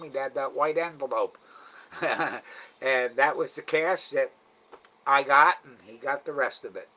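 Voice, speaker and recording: A man's voice: medium pitch, bright, forceful tone. A middle-aged man hosting a livestream, chatting casually to viewers, rambling, chuckling and trailing off often. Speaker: livestream host. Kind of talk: casual chat reading viewer comments. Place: home, live night cam stream. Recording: slightly dull lo-fi stream audio.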